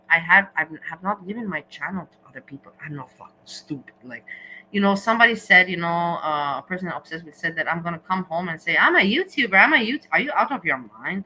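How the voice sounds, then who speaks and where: A woman's voice: low-pitched, pushed and bright, a little hiss or hum, low-quality recording. A woman hosting a casual livestream, talking straight to her viewers and slipping in German words. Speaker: livestream host.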